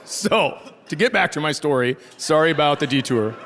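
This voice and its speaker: A middle-aged man with a slightly high voice performs stand-up at normal speed on a theater stage, sounding animated. He shares sarcastic tales about his family and acts them out, with slight background noise and loud audience laughter captured live.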